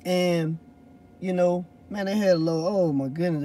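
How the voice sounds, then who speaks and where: This man, a hotshot truck driver from Louisiana, chats loosely with viewers in a casual vlog, rambling and swearing as he answers them. His voice is high and mellow, steady in tone and slow-paced, with slight background noise.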